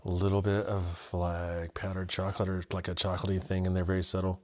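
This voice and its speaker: Easygoing man in his forties, lowish voice. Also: completely flat delivery, fast, darkish tone. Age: 40s. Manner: easygoing storyteller, rambling with fillers. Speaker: guest, spirits buyer for a retailer. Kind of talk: casual tasting chat. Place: podcast studio.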